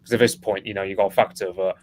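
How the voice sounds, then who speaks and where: A man's voice: sits low, level tone, very fast, a little hiss or hum, rough recording. A man co-hosting a live history stream, rambling casually and leaning on fillers as he explains.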